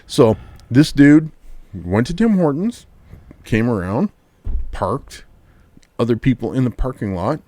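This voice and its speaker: Man telling stories in casual chat, animated and expressive, recorded dry. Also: mid-range voice, unhurried, pauses often, no room sound. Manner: animated storyteller, acts out quotes.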